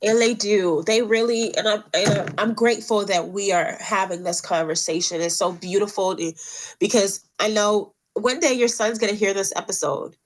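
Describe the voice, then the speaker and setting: A woman's voice: medium pitch, normal speed. A woman co-hosting a podcast, speaking in an emotional, moved way in casual chat. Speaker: podcast co-host.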